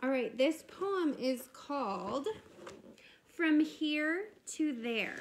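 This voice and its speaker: Slow, gentle kindergarten teacher woman. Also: sits high, expressive. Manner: slow, clear, encouraging teacher talk to small children. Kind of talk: video lesson for young children.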